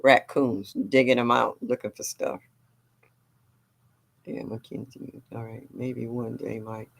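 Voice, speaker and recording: A woman's voice: extremely low pitch, steady tone, takes it slowly, vocal fry. An older woman hosting a gardening livestream, chatting casually and reading viewer comments aloud. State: a little sore.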